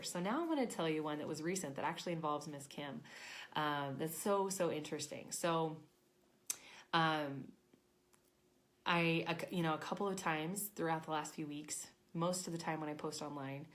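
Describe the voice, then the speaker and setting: A woman in her thirties, an intuition coach, telling a personal story in a chatty, animated way and acting out her own thoughts. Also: deep voice. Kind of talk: casual storytelling to camera.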